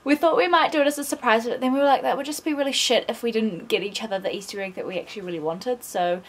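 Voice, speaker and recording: A woman, chatting excitedly to camera in a casual vlog and often dropping to a hushed voice. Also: a little high, quick pace. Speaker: vlogger.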